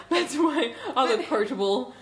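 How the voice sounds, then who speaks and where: A woman's voice: high voice, a little hiss or hum. A woman co-hosting a community radio show, telling stories casually with lots of ums and likes. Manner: chatty storyteller, recounting dreams with many ums and likes.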